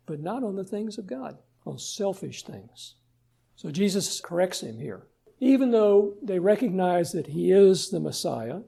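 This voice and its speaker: A man's voice: high voice, vocal fry, dark tone, breathy edge. A man preaching a sermon as pastor, asking his listeners rhetorical questions and retelling scripture in everyday words. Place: church sanctuary.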